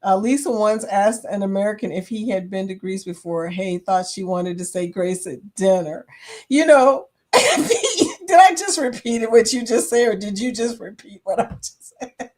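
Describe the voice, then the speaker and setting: A woman's voice: medium pitch, lively intonation, a little slow, a little mellow. A middle-aged woman hosting a casual live chat, reading viewer comments aloud, chatty and silly and laughing often. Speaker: livestream host.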